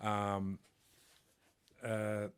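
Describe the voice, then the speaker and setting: A man's voice: lowish voice, completely flat delivery, extremely slow, smooth, dry recording, clean studio sound. A man in his forties, a boxer and coach, talking earnestly and motivationally as a podcast guest. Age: 40s. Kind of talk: casual podcast chat.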